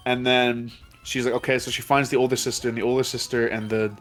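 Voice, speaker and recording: A man's voice: medium pitch, little pitch movement, fast talker, a bit bright, soft background music. A man hosting a let's play commentary, recapping a plot in a rambling, profane way with his friends. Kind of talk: casual game commentary with friends.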